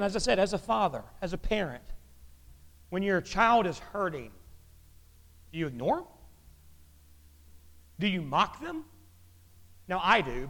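A man preaching a sermon in a chatty, joking way, his pitch jumping up when he gets animated, in an echoey church hall. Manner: conversational and joking, with lively pitch jumps. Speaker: pastor.

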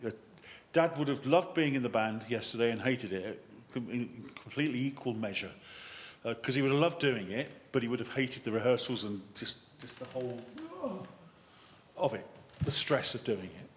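A man, a vicar, giving a lively sermon that wanders into chatty, self-mocking asides. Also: mid-range voice, moderate pace, slight background noise. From England. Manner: animated, chatty preaching with digressions and self-deprecating asides.

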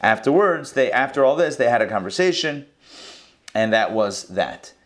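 Guy walking through bible verses, chatty teacher vibe, mid-pitched voice, lots of little asides. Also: animated, normal speed. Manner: conversational, explains with asides and restarts. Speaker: Torah teacher. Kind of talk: casual verse-by-verse Bible lesson.

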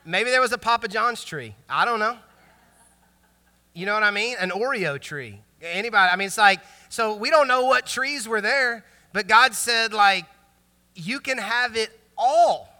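A man preaching a sermon as pastor, animated and joking, in a casual conversational way with lots of filler words. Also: high-pitched, moderate pace. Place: large church hall. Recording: long hall reverb in a church.

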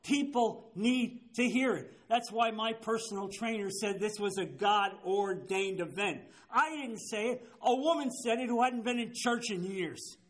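Man, 70s, pastor, Bible study sermon, emphatic, high voice. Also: measured pace, few pauses, fairly bright tone. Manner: emphatic, keeps asking "you understand?". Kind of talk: sermon-style Bible teaching.

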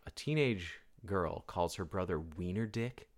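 A man co-hosting a casual movie podcast, joking and riffing in an animated way. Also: deep voice, a little slow. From United States. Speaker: podcast co-host.

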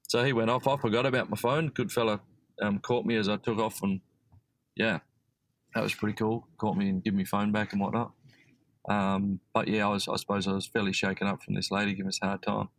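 An Australian man tells his story in a loose, chatty way, full of ums and restarts. His voice sits a little low. He sounds like a guest on a relaxed podcast. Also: brisk, a little hiss or hum, rough recording. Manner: rambling, with many fillers and restarts. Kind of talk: casual storytelling.

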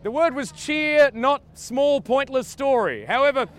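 An Australian man, a comedian, leading a mock tour on a busy city street outdoors with theatrical, grandiose tour-guide patter, sometimes leading the crowd in loud chants. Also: very high voice, animated, measured pace.

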